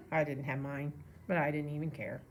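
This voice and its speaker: Woman reading a children's novel aloud, relaxed, low, gravelly, faint background noise. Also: normal speed. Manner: relaxed, with casual asides to listeners. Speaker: reader.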